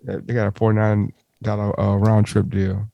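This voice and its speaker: A man's voice: on the low side, monotone, normal speed, creaky, no echo, dull audio. A man co-hosting a podcast, chatting casually and joking around. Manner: joking, breaks into mocking put-on voices. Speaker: podcast co-host. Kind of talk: casual banter.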